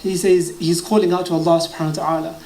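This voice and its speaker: British guy giving a sermon, quick and high-ish voice, quotes arabic then explains it, roomy hall sound. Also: level tone, darkish tone. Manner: quoting Arabic narrations and translating them. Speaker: preacher. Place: mosque gathering hall. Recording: echoey hall with faint ambient noise.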